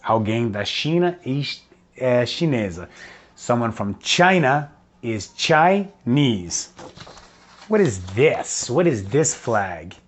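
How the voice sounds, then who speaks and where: A man teaching English to young children, singing and speaking slowly so they can repeat, switching into to explain. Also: medium pitch. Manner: slow, drawn-out words for children to repeat. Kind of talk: children's English lesson with songs. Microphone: video lesson recording.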